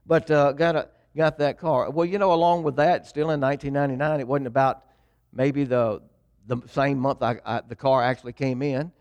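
A man's voice: mid-range voice, fairly even intonation, moderate pace, a little mellow, no echo, muffled recording. Folksy man preaching. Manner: folksy storytelling, addresses congregation. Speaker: pastor. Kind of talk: sermon testimony.

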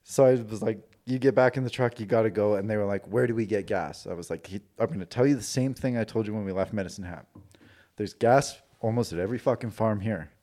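A man's voice: fairly low pitch, quick pace. A man from Canada telling a personal story on a podcast in a casual, profane way, acting out the dialogue. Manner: profane, animated, acts out quoted dialogue. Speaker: podcast guest recounting a personal experience.

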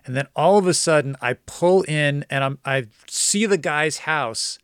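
A man's voice: on the high side, measured pace, smooth, dry recording. Male podcast host, casual storyteller, dry close mic. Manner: animated, quotes others in dialogue, gets excited.

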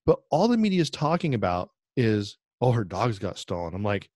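A man's voice: lowish voice, very animated, brisk, warm tone, no echo, clean studio sound. A man hosting a podcast in casual chat, joking and teasing with hypothetical questions. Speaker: podcast host.

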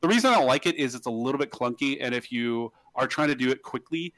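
A man's voice: mid-range voice, quick pace, a bit bright, no echo. A man hosting a casual podcast, rambling along with many restarts and fillers. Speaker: podcast host.

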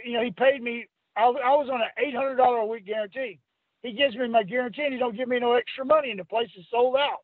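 An older man calls in over a tinny phone line. His voice sits high and husky. He rambles through stories, acting out the other people's lines and breaking into laughs. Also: dry recording. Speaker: interview guest, former wrestler. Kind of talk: storytelling anecdote.

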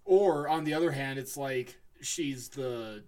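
A man's voice: mid-range voice, slow pace, a little mellow. A man co-hosting a podcast, reacting and chatting in a laid-back, casual way. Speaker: podcast co-host. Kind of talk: casual chat.

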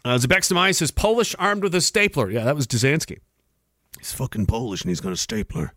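A man's voice: on the high side, expressive, a little fast, sharp tone, dry recording, studio quality. A young man hosting a livestream, ranting casually and sarcastically with lots of swearing while reading viewer chat. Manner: profane, sarcastic, acts out mocking voices.

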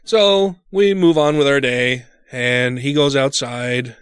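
A man telling a story in casual chat, animated and profane, acting out his own panicked voice in a home studio. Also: mid-range voice, slow, clear, resonant tone, dry recording.

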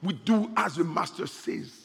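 A man preaching a sermon as pastor, rising into loud bursts and laughing between points. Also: high voice, normal speed, gravelly. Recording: reverberant hall.

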